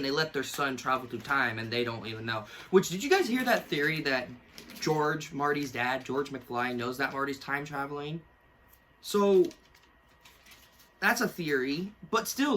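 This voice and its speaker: A young YouTuber reviews a book he wrote as a kid, in casual, rambling commentary. His voice is fairly high with a sharp tone, and he mocks himself and laughs often.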